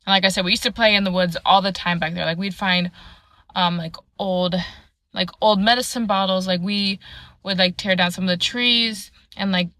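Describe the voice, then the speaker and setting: A woman's voice: medium pitch, fairly even intonation, moderate pace, sharp tone, no echo. A young woman telling a personal ghost story casually, rambling with many fillers into a close phone mic. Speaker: storyteller in a clip.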